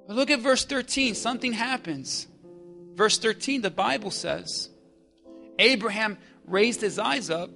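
Male pastor, high and bright, dynamic sermon delivery with crowd call-and-response, soft music bed. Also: creaky. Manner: energetic preaching, call-and-response with congregation, shifts from hushed to shouting.

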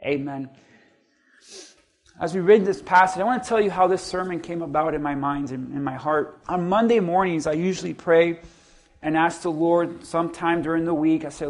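Male pastor, middle-aged, high-pitched, storytelling preacher who rises to bursts of emphasis. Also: moderate pace. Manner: storytelling, rising to emphatic peaks. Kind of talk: sermon.

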